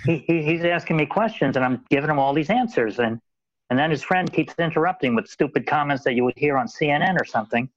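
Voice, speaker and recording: A man's voice: a little high, expressive, fast talker, slight background noise. Man rambling with many restarts, dull audio. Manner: rambling, repeats words often. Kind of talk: casual conversation. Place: Los Angeles.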